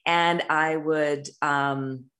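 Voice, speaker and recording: Low-voiced middle-aged woman coaching earnestly. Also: fairly even intonation, drawn-out words, a bit bright. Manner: earnest, rambling with restarts and tag questions. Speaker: intuitive business coach and host. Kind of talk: casual monologue.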